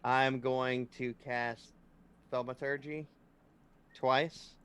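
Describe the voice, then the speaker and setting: A man playing a tabletop game, calmly describing what his character does. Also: mid-range voice, drawn-out words, clean tone. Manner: matter-of-fact, describing spells. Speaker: player.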